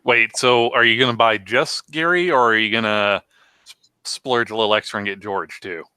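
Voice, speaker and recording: A man's voice: on the low side, moderate pace, sharp tone, clean tone, dry recording. A man hosting a casual live chat, teasing his guest with jokes. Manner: teasing, joking.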